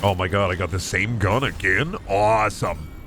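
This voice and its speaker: Sitting low, this man's voice is a bit fast, pushed and bright, with slight background noise. He gives casual gameplay commentary while streaming, chatty and meandering, cursing freely and often rising in pitch at the ends of lines.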